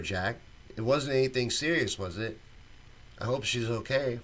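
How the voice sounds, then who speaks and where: A man's voice: mid-range voice, normal speed, a bit bright. A man hosting a casual live stream, reading viewer comments aloud and answering each one with his own opinions. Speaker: show host reading live chat.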